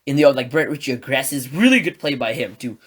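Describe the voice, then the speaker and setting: A man hosting a solo sports podcast, recapping a game in an excitable, rambling way and acting out his own reactions. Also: medium pitch, brisk, breathy edge. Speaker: podcast host.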